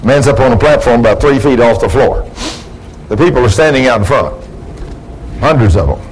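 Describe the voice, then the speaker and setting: A male preacher delivers a sermon, telling stories and raising his voice as he acts out the quoted lines. His voice sits in a middle pitch. A faint hiss of background noise runs under the recording. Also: lively intonation, a little fast, low-quality recording. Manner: storytelling, acts out dialogue with rising emphasis. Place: church before a congregation.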